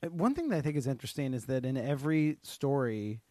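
Relaxed male podcast co-host, medium voice, easygoing and hedging, dry mic. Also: medium pitch, fast, dry recording. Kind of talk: casual chat recapping a TV show.

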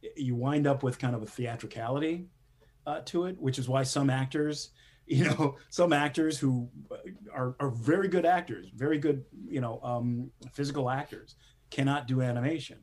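Husky-voiced man rambling with fillers. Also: medium pitch, normal speed, darkish tone. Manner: rambling, many fillers and restarts, laughs often. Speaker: animation screenwriter guest. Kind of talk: casual interview talk.

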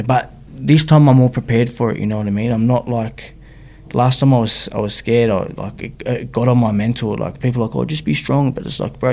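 Here the rapper from Sydney, Australia has a medium-pitched, creaky, somewhat mellow voice. As an interview guest he shares his life story plainly and slangily, checking in with the listener again and again through "you know what I mean."

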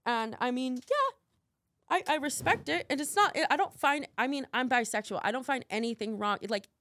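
A woman's voice: high voice, animated, moderate pace, a bit bright, no room sound, studio quality. A young woman talking candidly as a podcast guest, rambling with many fillers and swearing freely. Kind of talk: candid casual interview talk.

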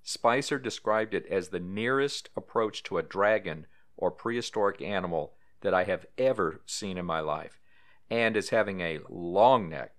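A man's voice: sits low, fairly bright tone. A man hosting a paranormal podcast, reading history and trivia aloud in a casual way with small asides. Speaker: podcast host.

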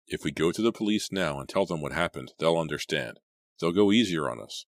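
A man reading aloud, voicing a nervous teenage boy who talks in a tense, shrill way. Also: animated, fairly quick, no room sound. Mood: pleading. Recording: dry close recording.

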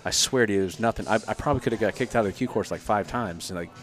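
Low-voiced guy in his 30s spinning army stories on a podcast, lively, does the voices of people he quotes, cusses a bit, faint music behind. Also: rapid-fire. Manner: animated storyteller who acts out quoted voices, swears freely. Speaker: podcast guest, former Army Ranger and Green Beret. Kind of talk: casual storytelling chat.

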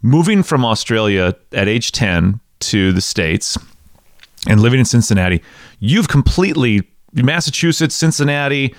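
A man's voice: medium pitch, expressive, moderate pace, no echo, studio quality. A man hosting a podcast interview, joking and teasing his guests in a casual chat. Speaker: podcast host.

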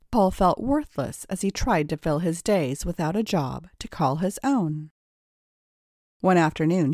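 A woman reading a scripted story narration in a measured storytelling manner. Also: fairly low pitch, warm tone, no room sound, studio quality.

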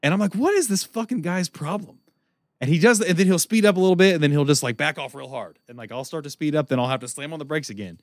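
A man telling a long story as a podcast co-host, profane and animated, laughing often. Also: fairly high pitch, fast, no echo, clean studio sound. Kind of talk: casual storytelling chat.

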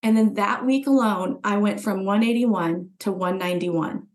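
A woman's voice: mid-range voice, normal speed, a little mellow. A woman guest on a podcast, earnestly telling her own story in conversation and acting out what she thought back then. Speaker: podcast guest, former client. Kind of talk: personal story told in conversation.

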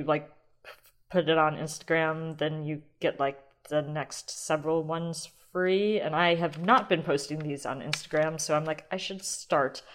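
A young adult woman hosting a solo podcast, chatting casually and rambling as she thinks out loud, with the odd swear word. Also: deep voice, a little hiss or hum. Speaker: podcast host.

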